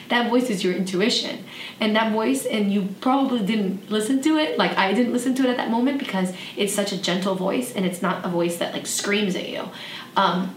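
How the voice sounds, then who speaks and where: A woman hosting a podcast, telling a personal story in a soft, reflective way with frequent fillers. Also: medium pitch. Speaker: podcast host. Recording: echoey room, slightly distant mic, faint noise.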